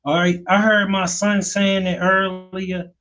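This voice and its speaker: A man's voice: high-pitched, flat delivery, unhurried, bright, forceful tone. A man hosting a podcast, giving earnest, preachy commentary and addressing listeners as family. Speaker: podcast host. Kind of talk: opinionated commentary.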